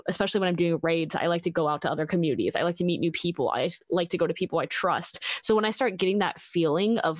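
A young woman with a somewhat low voice tells a story in relaxed conversation. She gets animated and acts out the other people's lines, with plenty of "like". The sound is close and dry. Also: no echo. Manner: animated storytelling, acting out quoted exchanges, many likes. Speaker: Twitch streamer. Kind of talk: casual conversation.

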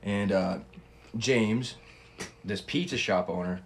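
A man's voice: lowish voice, slow. A young man hosting a casual podcast chat, laid-back, swearing freely and laughing often. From Canada. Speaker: podcast host.

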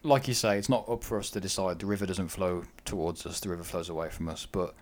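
A man with a very low voice talks in a relaxed podcast conversation. He reasons in a measured way, weighing each side before settling on a view. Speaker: podcast co-host. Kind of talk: casual discussion.

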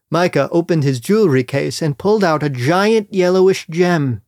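A man narrating a comic children's-style story, deadpan with crude rambling asides. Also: fairly high pitch, normal speed, few pauses, dry recording, clean studio sound. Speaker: storyteller and podcast host.

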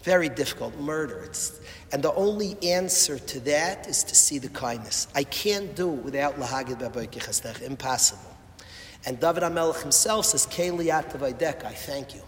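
A man preaches with impassioned repetition, swinging between loud appeals and hushed words. His voice sits a little high. The sound rings out in a large echoey hall with faint ambience. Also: animated, moderate pace, a little hiss or hum. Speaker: rabbi or Torah speaker. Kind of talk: emotional sermon.

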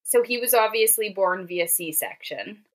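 A woman's voice: mid-range voice, unhurried. Empathetic woman interviewer. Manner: empathetic, relating from shared experience. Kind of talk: conversational interview.

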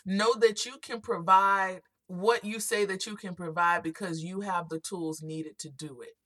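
A woman hosting her own self-help podcast, talking through motivational encouragement in a relaxed, conversational way. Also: on the low side, unhurried, no echo. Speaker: podcast host.

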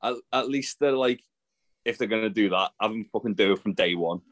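A man's voice: fairly low pitch, fairly quick. A man co-hosting a casual wrestling podcast, giving blunt, sweary opinions. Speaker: podcast co-host. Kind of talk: casual chat.

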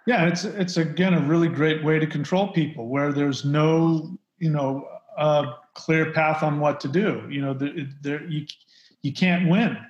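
A man's voice: fairly high pitch, fairly even intonation, measured pace. A man speaking as a podcast guest, talking emphatically in a casual conversation. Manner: emphatic, mocks preachers in put-on voices. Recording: roomy, dull lo-fi sound.

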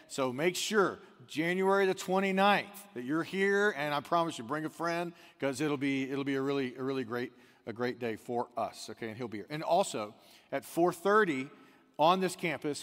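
A man preaching a sermon as pastor, chatty and animated as he tells stories. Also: a little high, in a large hall. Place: church.

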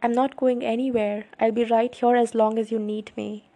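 A woman voicing a brooding teenage boy vampire who speaks quietly and soothingly. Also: on the high side, little pitch movement, moderate pace. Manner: quiet, soothing, often whispered.

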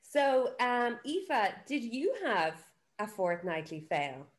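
A woman's voice: a little high, sing-song, slow pace. A young woman co-hosting a podcast, telling stories in a cheeky, upbeat way. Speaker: podcast co-host. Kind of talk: casual chat.

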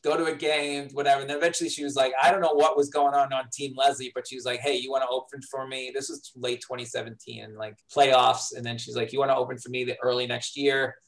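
A middle-aged man, a comedy writer telling a story casually in an interview, lively and acting out quoted lines. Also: mid-range voice, fast, hardly any pauses, low-quality recording. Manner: animated, acts out quoted dialogue.

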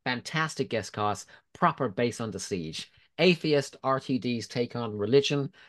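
A man's voice: medium pitch, lively intonation, a little slow, fairly bright tone. A man co-hosting a podcast, chatting casually, reading listener reviews aloud and laughing often. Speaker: podcast co-host.

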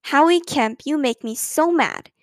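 A woman voicing a stubborn, indignant first-grade girl in a storybook reading, insisting loudly. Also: high-pitched, lively intonation, normal speed, no echo, studio quality. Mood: furious.

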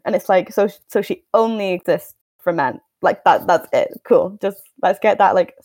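A woman's voice: mid-range voice, moderate pace, hardly any pauses, darkish tone, dry recording. A young woman hosting a podcast, reading a novel aloud and then commenting with exasperated, wry remarks. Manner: wry, exasperated, stumbles and restarts while reading. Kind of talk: book reading and casual commentary.

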